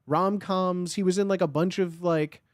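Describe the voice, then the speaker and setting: A man's voice: sits high, steady tone, no room sound, studio quality. A man chatting casually as a guest on a livestream, rambling and full of filler words. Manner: rambling, with lots of filler words, and quick laughs. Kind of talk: casual chat.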